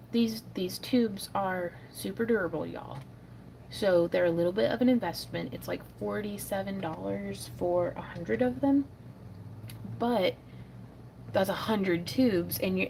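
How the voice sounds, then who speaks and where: Woman craft-stream host, middle-aged, husky-fry texture, chatty with quiet muttered asides. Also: on the low side, a little hiss or hum. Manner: chatty, mutters soft asides while working. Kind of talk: casual livestream chat while beading.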